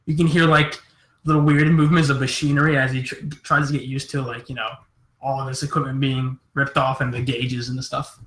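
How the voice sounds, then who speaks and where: Male game master, halting narration, roomy sound. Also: medium pitch, little pitch movement, a bit bright. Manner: halting, restarts mid-phrase.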